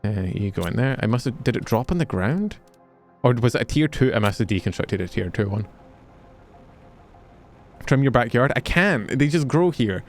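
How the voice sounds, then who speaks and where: Faint music sits behind a Scottish man who speaks at medium pitch and normal speed, sounding animated. He plays a game on stream, chatting with his viewers, joking, and swearing freely.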